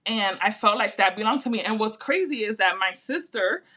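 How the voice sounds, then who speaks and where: A woman telling a personal story in casual chat, animated and full of fillers. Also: mid-range voice, brisk, slightly rough. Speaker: podcast host.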